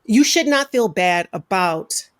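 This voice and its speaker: Animated woman telling a story. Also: medium pitch, unhurried. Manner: animated storyteller who acts out quotes. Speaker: podcast co-host. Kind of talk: casual chat.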